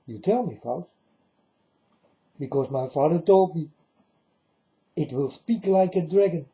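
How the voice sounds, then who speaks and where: A man's voice: a little high, lively intonation, a little slow, dark tone. A man preaching to the camera in a monologue, firing off repeated rhetorical questions at the viewer. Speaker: religious video preacher. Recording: dull lo-fi recording.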